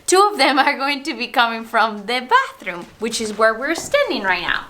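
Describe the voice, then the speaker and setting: A woman's voice: a little high, big pitch swings, normal speed, sharp tone, slight background noise. A young woman vlogging casually from inside a bus she is converting, playful and laughing often. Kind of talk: casual chat to camera. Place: inside a school bus under construction.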